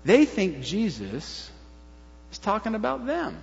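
A male pastor preaches in a high, animated voice that swings widely in pitch and slips into playful impressions of the crowd. The recording is muffled and a little lo-fi. A long reverb hangs in the church hall. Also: slow pace, gravelly. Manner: animated, acts out crowd voices, conversational asides. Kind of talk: sermon.

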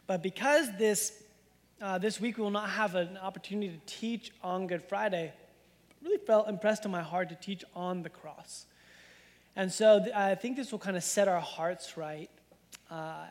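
High-voiced pastor in an echoing hall. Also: male voice. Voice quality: casual, filler-heavy storytelling with many "like"s. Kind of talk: sermon with personal story. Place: church sanctuary.

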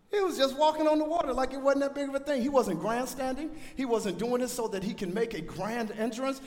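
A man preaching a sermon as pastor, swinging from shouted peaks to quiet asides. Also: very high-pitched. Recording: long hall reverb.

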